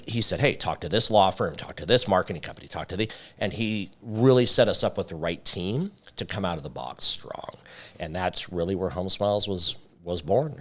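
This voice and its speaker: A man, a company founder, telling his story in a casual interview and acting out the dialogue as he goes. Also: low voice. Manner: lively storyteller who acts out quoted dialogue.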